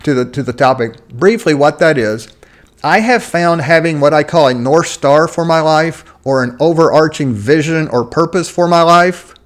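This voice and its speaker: A man giving a casual solo talk on faith and money, speaking conversationally with occasional restarts as he searches for words. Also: moderate pace. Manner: conversational, acts out quoted voices with rising pitch. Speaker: Christian finance teacher.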